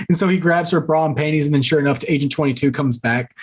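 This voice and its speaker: A man's voice: on the high side, fairly quick, hardly any pauses, husky. A man co-hosting a movie podcast, recapping plot scenes and acting out the characters' lines. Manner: animated storyteller acting out quoted lines. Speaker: podcast co-host.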